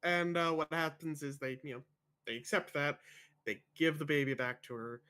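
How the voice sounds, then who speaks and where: A man chatting casually on a podcast about a film, his voice sitting a little high for a man. He swears freely and laughs often as he talks, loose and unpolished in his delivery. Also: steady tone, moderate pace, bright, forceful tone, clear, resonant tone. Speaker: podcast co-host.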